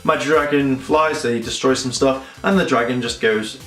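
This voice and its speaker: A man's voice: mid-range voice, normal speed. A man giving a casual, rambling and sarcastic episode review. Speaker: fan reviewer. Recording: roomy echo, faint music behind.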